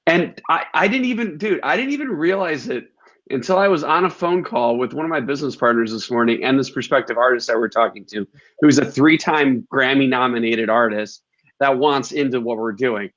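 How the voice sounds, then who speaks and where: A man's voice: medium pitch, fairly quick, a bit bright. A man hosting an interview, who talks in a candid and reflective conversational way. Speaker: host. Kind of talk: casual interview chat. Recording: dull lo-fi sound.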